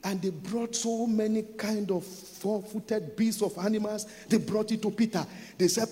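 A man's voice: sits high, moderate pace, few pauses, warm tone, in a large hall. A Nigerian man preaching a sermon as a pastor, repeating phrases for emphasis.

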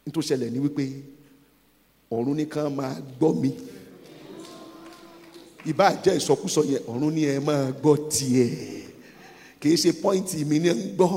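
A man's voice: a little high, lively intonation, brisk, pauses often, a little mellow, in a large hall. A Nigerian man preaching a sermon as a pastor, repeating phrases for emphasis.

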